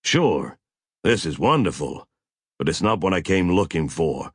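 A male reader plays a gruff, practical male expedition leader. He speaks in a low, growling, matter-of-fact way. The husky voice is close and dry. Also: sing-song, unhurried, no echo, full character voice. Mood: calm.

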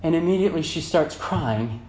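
A man's voice: fairly high pitch, animated, brisk, soft background music. Fervent preacher man in an echoey church. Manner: swings from loud fervent emphasis to soft quiet reflection. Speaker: pastor. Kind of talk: sermon. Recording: echoey church room with faint hum.

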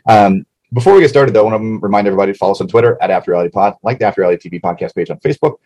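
A man's voice: fairly low pitch, mellow, rough recording. A man co-hosting a casual podcast, chatting about a reality show and rattling off plugs. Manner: chatty, reads plugs quickly. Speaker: podcast co-host.

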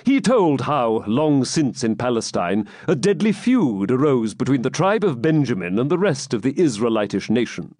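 A man voicing a calm, pleasure-loving medieval knight who speaks coolly and evenly. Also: mid-range voice, no echo, studio quality. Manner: calm and cool, measured.

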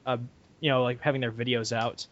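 A man's voice: mid-range voice, flat delivery, a little fast, fairly bright tone. A young man co-hosting a casual podcast, laid-back and hesitant, with fillers and laughs. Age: young adult. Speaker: podcast co-host. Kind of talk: casual chat. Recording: dull lo-fi audio.

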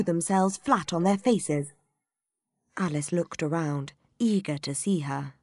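A woman narrating a children's storybook in an expressive, measured way. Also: fairly low pitch, no room sound, clean studio sound.

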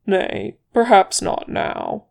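A boastful male dwarf warrior, blunt and quick to banter, voiced by a reader in a storybook reading. The voice is deeply gravelly and unhurried. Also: steady tone. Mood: gruff teasing. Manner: blunt, bantering, calls others laddie.

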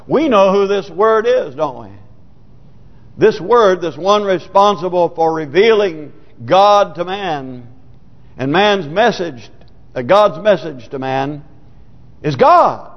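A man's voice: sits high, lively intonation, slow. A man preaching a sermon, reading scripture aloud and asking his congregation rhetorical questions. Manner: reads scripture aloud with emphasis. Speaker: pastor. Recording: dull, lo-fi recording in a reverberant church hall.

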